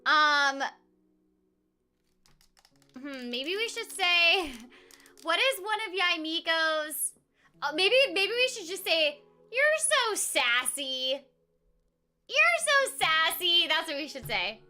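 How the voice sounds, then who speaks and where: A woman with a very high, piercingly bright voice chats with her stream audience while playing a game. She speaks slowly and unhurriedly, with excitable bursts aimed at the chat. Faint game music plays behind her. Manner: excitable, chatty, talks to chat. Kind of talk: livestream gameplay chat.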